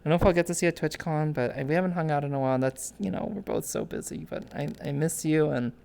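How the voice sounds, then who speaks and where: A woman's voice: deep voice, quick pace, creaky, warm tone. A young woman hosting a streamed interview in casual chat, rambling with many restarts and reading chat messages aloud.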